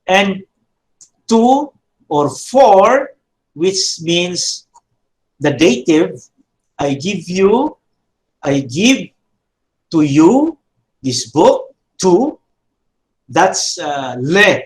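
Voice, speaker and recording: A Hebrew teacher with a Filipino accent lectures a class in a mid-range, sing-song voice, speaking very slowly with long pauses. She repeats words, checks in with "okay?" and "no?", and now and then mixes Tagalog into her English. The recording is low quality, with a little hiss or hum.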